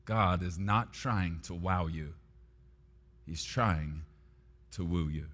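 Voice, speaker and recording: A man preaching a sermon as pastor, swinging between loud emphasis and hushed, near-whispered lines. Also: sits low, takes it slowly. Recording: long hall reverb with soft guitar underneath.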